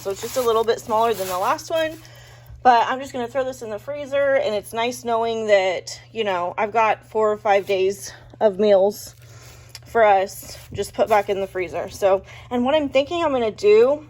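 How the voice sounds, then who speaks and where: A woman casually chatting through a home cooking vlog in her kitchen, relaxed and joking, with plenty of ums. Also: medium pitch, moderate pace. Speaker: cooking vlogger.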